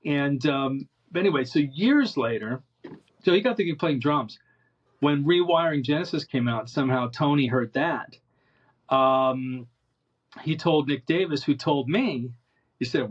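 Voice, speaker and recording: A male musician telling animated anecdotes in an interview, rambling with many restarts. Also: a little high, normal speed, slightly rough, highs cut off. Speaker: interview guest, musician and producer. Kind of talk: casual storytelling in an interview.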